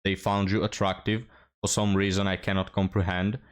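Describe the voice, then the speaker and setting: A man's voice: deep voice, flat delivery, normal speed, clear, resonant tone. A man hosting a reaction commentary, mocking and scornful, often laughing as he talks. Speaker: commentary host.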